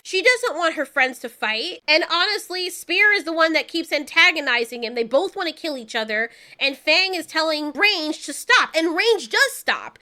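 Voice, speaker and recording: A woman reviewing an animated show in casual chat, animated and swearing freely as she acts out the characters' lines. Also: extremely high pitch, normal speed.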